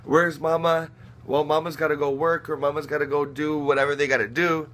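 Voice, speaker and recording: A man's voice: fairly high pitch, little pitch movement, brisk, a bit bright. A young man giving earnest fatherly advice in casual talk to camera, repeating himself and restarting often. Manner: earnest, repetitive, many restarts.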